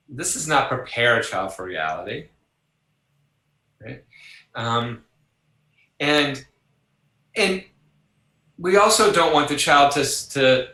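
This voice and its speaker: An older man, a psychologist, talking through an interview in an animated way and acting out voices in his stories. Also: mid-range voice, slow, long pauses, reverberant, poor audio. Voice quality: animated, acts out voices in anecdotes. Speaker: psychologist guest. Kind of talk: conversational interview.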